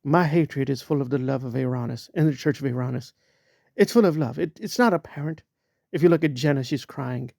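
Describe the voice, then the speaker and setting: A man mockingly playing a sanctimonious, preachy woman, speaking in a smug, hushed tone. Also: medium pitch, brisk, gravelly, no room sound, clean studio sound.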